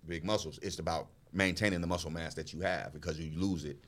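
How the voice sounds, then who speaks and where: A middle-aged man hosting a podcast in casual chat, telling stories with loud animated bursts that drop to low mumbles. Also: quick pace. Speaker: podcast host.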